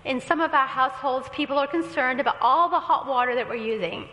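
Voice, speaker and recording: A woman's voice: high voice, fast, sharp tone. A woman pastor preaching a sermon, telling a story with quoted dialogue and light humor. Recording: echoey hall with long reverb.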